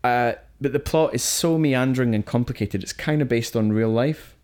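A man's voice: mid-range voice, moderate pace, a little mellow. A man co-hosting a film podcast, talking in a chatty, opinionated way and often restarting his sentences. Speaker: podcast co-host reviewing films. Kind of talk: casual chat.

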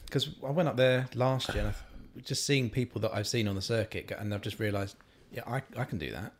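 Easygoing comedian from Essex. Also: male voice, medium pitch, fast, slight background noise. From Essex, England. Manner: easygoing, asks questions, tells anecdotes. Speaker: stand-up comedian. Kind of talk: casual chat.

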